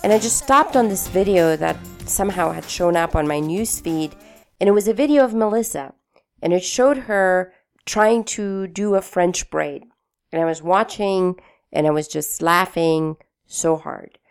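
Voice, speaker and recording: A woman's voice: fairly low pitch, a little slow, faint music behind. A woman from Afghanistan hosting a podcast, introducing the episode in a chatty, enthusiastic, folksy way. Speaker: podcast host.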